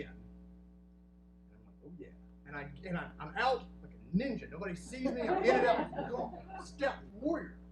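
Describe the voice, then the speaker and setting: A man in his thirties telling a funny true story on stage, lively and quick to slip into acted voices. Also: high voice. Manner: animated, jumps into acted voices. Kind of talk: live comic storytelling. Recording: roomy distant live recording with hum.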